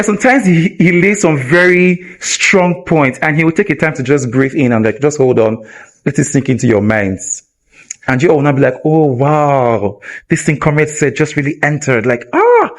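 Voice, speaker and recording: A man with a Nigerian English accent teaching communication skills at a live event, energetic and constantly asking the audience rhetorical questions. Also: fairly high pitch. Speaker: communication trainer.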